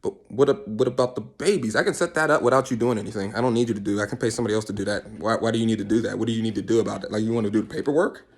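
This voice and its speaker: A man rambling in a casual comic monologue, swearing and arguing with himself in quick back-and-forth. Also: on the low side, fairly even intonation. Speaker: vlogger.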